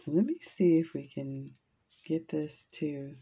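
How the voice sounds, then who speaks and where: This crafting vlogger is an older woman with a low, slightly rough, unhurried voice, heard through phone-quality sound. She chats and laughs while beading, spinning rambling, funny stories about her family.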